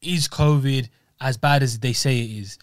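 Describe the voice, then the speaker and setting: Measured man, dry sound. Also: medium pitch, fairly even intonation, smooth, no echo. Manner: measured, reasoning, conciliatory. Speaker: podcast co-host. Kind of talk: casual chat.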